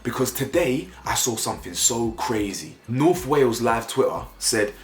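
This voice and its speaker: A young man with giving opinionated vlog commentary, getting worked up so his voice leaps high when he is indignant. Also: very animated, moderate pace, few pauses. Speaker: YouTube commentator. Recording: roomy echo, faint music behind.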